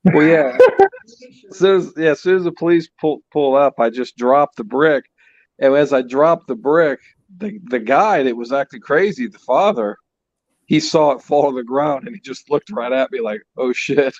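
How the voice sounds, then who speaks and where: A middle-aged man, the host's father, telling stories excitably and repeating himself as he gets going. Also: mid-range voice, moderate pace, no echo, muffled recording. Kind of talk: casual chat.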